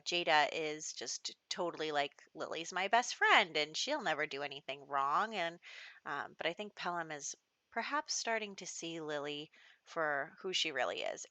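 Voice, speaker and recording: A woman's voice: fairly low pitch, sharp tone, no room sound. A woman hosting a casual game playthrough, chatty and laughing often as she acts out her characters' lines, on a desk microphone. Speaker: gameplay host. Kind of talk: casual gameplay commentary. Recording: dull, dry lo-fi recording.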